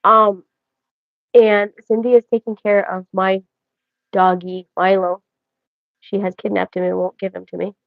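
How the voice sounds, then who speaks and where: A woman's voice: mid-range voice, flat delivery, measured pace, vocal fry, long pauses, no echo. A woman hosting a casual livestream, rambling and joking as she talks straight to her viewers. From Canada. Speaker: livestream host. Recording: dry, dull lo-fi audio.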